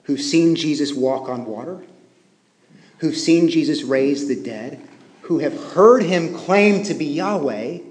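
High-voiced male pastor in a reverberant church. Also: expressive, slow. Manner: conversational preaching with self-deprecating asides; drops to a hushed tone for emphasis. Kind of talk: sermon. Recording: long reverb of a church hall.

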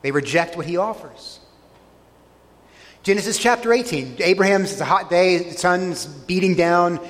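A pastor delivering a sermon, his voice sitting a little high for a man. He retells scripture scenes earnestly and leans hard on key words. A long reverb trails each phrase, as in a large hall. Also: moderate pace.

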